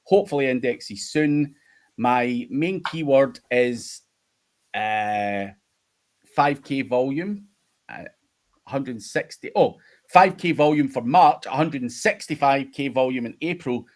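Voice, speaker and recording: A man's voice: mid-range voice, slow pace. Scottish male host, laughing storyteller who swears a lot, chatty livestream delivery. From United Kingdom. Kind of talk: casual livestream chat.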